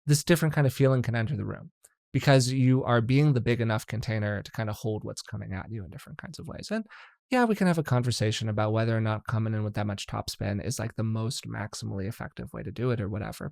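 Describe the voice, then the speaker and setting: A man's voice: fast, vocal fry, no room sound, clean studio sound. A man hosting a podcast, chatting casually and now and then acting out both sides of a conversation. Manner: animated, acts out dialogue in high put-on voices. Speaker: podcast host.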